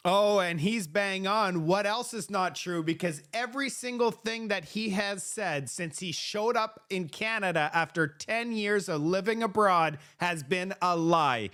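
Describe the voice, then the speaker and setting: Male political commentator, high pitch, sarcastic and emphatic delivery. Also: a little slow, hardly any pauses, a bit bright, clean tone.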